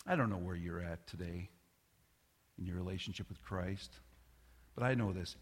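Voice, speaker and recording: A middle-aged man preaching a sermon as a pastor, telling a family story in a loose conversational way with restarts, sometimes dropping to a soft near-whisper. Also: low voice, moderate pace, long pauses, slightly rough. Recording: long reverb of a large hall.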